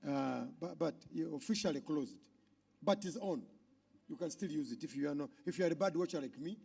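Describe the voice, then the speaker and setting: Ugandan guy hosting a conference, husky, kinda mellow, big loud stage energy. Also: fairly high pitch. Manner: loud, animated announcing to a crowd. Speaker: conference emcee.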